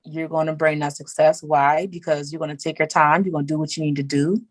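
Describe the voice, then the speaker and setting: Woman podcast guest, lower register, animated, emphatic, dry recording. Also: brisk, dry recording, poor audio. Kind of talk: casual chat.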